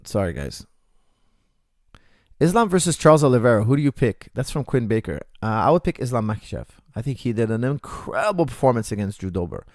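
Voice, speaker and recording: Gravelly middle-aged coach guy chatting to his viewers, dry close sound, fast stories full of "like" and "you know". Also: mid-range voice, no echo. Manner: animated storytelling, acts out quotes, many fillers. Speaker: coach answering viewer questions. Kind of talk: casual livestream Q&A.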